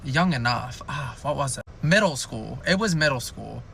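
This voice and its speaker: A man's voice: medium pitch, expressive, normal speed, vocal fry, pushed and bright, a little hiss or hum. A young man telling a rambling, jokey storytime in a chatty way. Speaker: storytime youtuber. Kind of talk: casual storytime.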